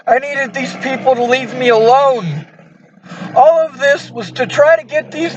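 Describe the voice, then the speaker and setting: A man's voice: very high voice, measured pace, a little hiss or hum. A man on a phone call, distressed and pleading, bitter and near tears.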